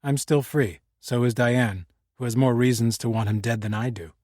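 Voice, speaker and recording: A man's voice: mid-range voice, normal speed, darkish tone, no echo, studio quality, close to an everyday voice. A man reading the lines of a troubled young woman whose words come out slightly slurred, bitter and guarded.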